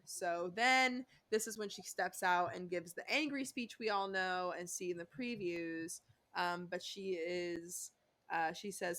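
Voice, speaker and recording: Animated, swearing woman podcast co-host. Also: on the low side, a little slow. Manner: animated, swearing, acts out quotes from the show. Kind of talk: casual recap chat.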